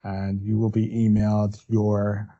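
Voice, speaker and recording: This man, a defense attorney in workers' compensation, leads a legal webinar step by step, often adding "right?" to check in. He speaks at a measured pace in a mellow, lowish voice that stays completely flat, and the recording sounds dull.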